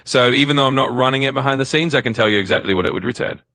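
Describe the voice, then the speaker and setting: A synthetic male assistant voice with a bright, forceful tone, upbeat and eager as it explains things quickly. The sound is close and dry, with no room around it. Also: mid-range voice, no echo. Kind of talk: conversational answers.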